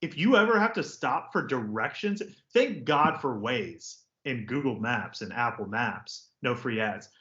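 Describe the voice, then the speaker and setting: A man co-hosting a sports podcast, ranting in a sarcastic, jokey, animated way. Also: medium pitch, a little slow, few pauses. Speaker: podcast co-host. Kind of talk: casual sports chat. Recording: roomy, slightly dull podcast audio.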